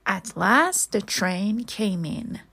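A woman reading a children's story aloud in a measured storytelling manner. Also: medium pitch, very animated, creaky, very noisy. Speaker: storybook reader.

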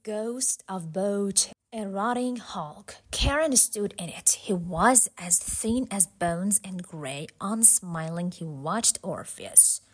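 Slow, deliberate woman storyteller. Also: mid-range voice, animated. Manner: slow, deliberate, softly dramatic. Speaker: narrator. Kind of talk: storybook narration.

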